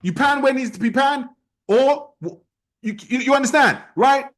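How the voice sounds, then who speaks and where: A man leading an online sales team training, talking in a forceful, repetitive, challenging way. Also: very high-pitched, moderate pace. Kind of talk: motivational training talk.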